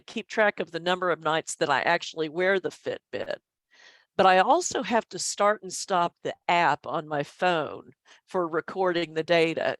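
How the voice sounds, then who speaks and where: A woman's voice: sits low, creaky, dry recording. A middle-aged woman, a statistician, explaining measures in an online training session with goofy self-deprecating humor. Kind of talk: online presentation.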